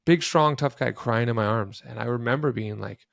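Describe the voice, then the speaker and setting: A man's voice: mid-range voice, moderate pace, vocal fry, no room sound. A man co-hosting a podcast, telling a personal story in an earnest, reflective way. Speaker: podcast co-host. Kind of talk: casual podcast conversation.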